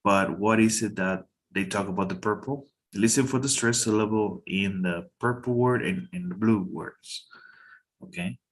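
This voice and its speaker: Guy teaching english pronunciation, kinda low voice, stops to check in a lot. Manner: halting, checks in with students often. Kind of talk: casual classroom teaching.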